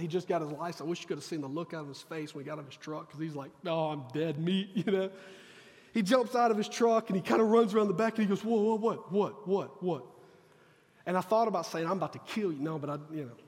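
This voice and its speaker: High-voiced pastor in a reverberant church. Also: male voice, a little mellow. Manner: earnest storytelling with quoted dialogue. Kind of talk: sermon storytelling. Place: church sanctuary.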